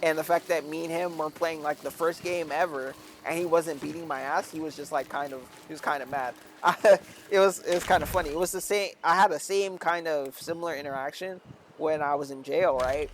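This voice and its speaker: A man's voice: on the high side, steady tone, fairly quick, a little hiss or hum. A man streaming a game, telling a rambling story in a casual way, tagging his sentences with "like" and "right?". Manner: rambling, with many "like" and "right?" tags. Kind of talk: casual storytelling while gaming.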